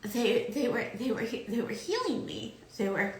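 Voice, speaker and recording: A woman in casual conversation, recounting a spiritual experience haltingly with many repeated words. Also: fairly high pitch, sing-song, darkish tone, roomy sound, a little hiss or hum, poor audio. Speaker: podcast co-host.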